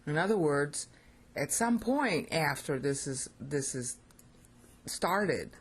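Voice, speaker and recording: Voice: medium pitch, very animated, takes it slowly, husky. An American Bible teacher giving an informal lecture on scripture, thinking aloud and checking in with listeners.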